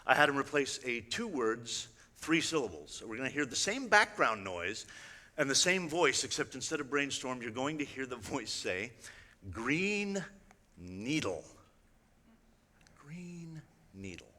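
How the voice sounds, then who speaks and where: Male illusionist on stage, crisp bright voice, wry chatty delivery, long hall reverb. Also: medium pitch, sing-song, normal speed. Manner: chatty, wry, addresses the audience directly with frequent asides. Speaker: illusionist giving a talk. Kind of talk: conversational stage presentation.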